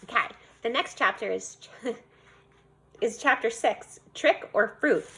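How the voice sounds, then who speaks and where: Woman, storybook reader, animated, high voice, bright tone. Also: slow, vocal fry. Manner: animated, voicing a young girl narrator. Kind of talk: storybook read-aloud.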